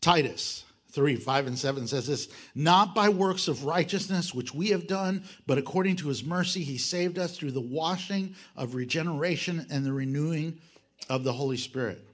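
A man preaching a sermon, animated, acting out quoted voices and swinging between loud and soft. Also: on the high side, normal speed. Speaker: pastor.

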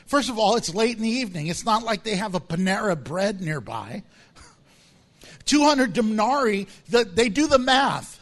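High-voiced animated man preaching. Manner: animated, acts out voices with big pitch swings; humorous, laughs often. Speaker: pastor. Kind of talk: sermon.

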